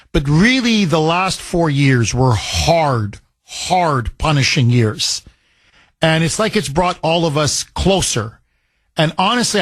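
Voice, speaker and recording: A man's voice: fairly high pitch, dry recording. Emphatic middle-aged male radio host. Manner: animated, emphatic, rambling. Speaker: radio talk show host. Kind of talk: talk radio, taking calls. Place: radio studio.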